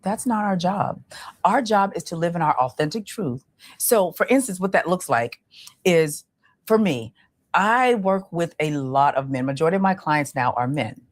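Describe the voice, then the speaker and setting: Low-voiced woman coach explaining calmly. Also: moderate pace. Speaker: relationship coach. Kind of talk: podcast interview.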